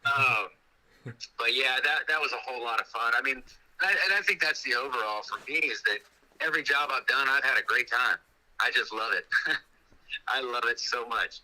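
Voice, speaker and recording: A man's voice: medium pitch, a little fast, pushed and bright, low-quality recording. A man in casual interview talk, telling rambling stories with many restarts. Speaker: actor guest.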